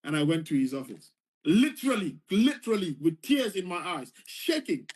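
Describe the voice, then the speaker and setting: A man's voice: high-pitched, big pitch swings, normal speed, a little mellow. A man earnestly retelling a personal story, repeating phrases for emphasis. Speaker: former foreign service official telling his story.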